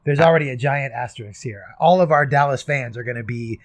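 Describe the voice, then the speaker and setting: A man's voice: medium pitch, a little fast, no room sound. Chatty, laughing male podcast host, dry sound. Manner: chatty, self-deprecating, often laughing. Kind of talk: casual podcast chat.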